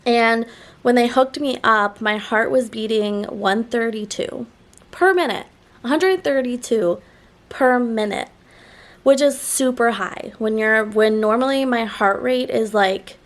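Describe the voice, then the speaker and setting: A woman talks in a relaxed, rambling vlog chat, peppering her sentences with "like". Her voice sits a touch high and sounds a little nasal, as she is still getting over a sore throat. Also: unhurried. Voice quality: slightly nasal. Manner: rambling, frequent "like" fillers. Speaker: vlogger. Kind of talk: casual chat to camera.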